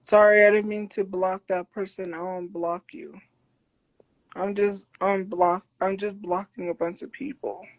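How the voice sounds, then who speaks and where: A woman on a live stream, reading and answering chat comments as she goes. She talks loudly out of habit and pushes back hard and defensively. Her voice sits in a middle pitch. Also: flat delivery, unhurried, muffled recording. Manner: defensive, argumentative. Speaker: livestreamer.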